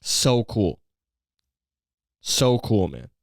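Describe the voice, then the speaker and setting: A man's voice: on the low side, sing-song, very slow, vocal fry, no room sound. A man hosting a solo podcast, rambling through a story in a profane, incredulous way on a close mic. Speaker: podcast host.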